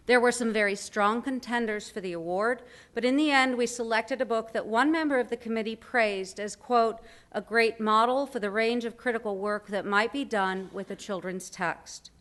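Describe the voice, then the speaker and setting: A woman's voice: a little high, normal speed, fairly bright tone. A woman presenting an award at a banquet, reading a prepared citation with brief asides. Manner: formal reading with light asides and fillers. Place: banquet hall.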